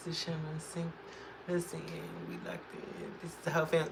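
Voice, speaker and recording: A woman's voice: mid-range voice, lively intonation, brisk, fairly bright tone, a little hiss or hum. A woman hosting a casual makeup livestream, chatting with viewers, answering their comments and laughing often.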